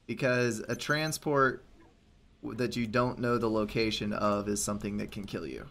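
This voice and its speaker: A man's voice: lowish voice, fairly even intonation, normal speed, fairly bright tone. A man giving casual gameplay commentary, explaining positions in a dry, slightly sarcastic way. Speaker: game commentator.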